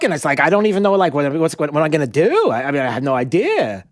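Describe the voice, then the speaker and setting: A male radio talk show host rambling along in an animated way, full of fillers and restarts, in a studio. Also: sits high, brisk, few pauses.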